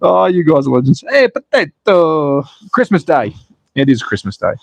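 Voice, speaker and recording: Building a slot car track indoors at home, this host is chatty and pokes fun at himself, reading viewer comments aloud on his live stream. He speaks at a moderate pace in a slightly high, gravelly voice with big swings in pitch. The audio is dry.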